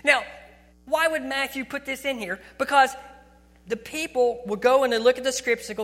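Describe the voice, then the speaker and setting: High, bright-voiced preacher in a reverberant hall. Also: male voice, a little fast. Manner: conversational preaching with frequent restarts. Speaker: pastor. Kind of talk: sermon.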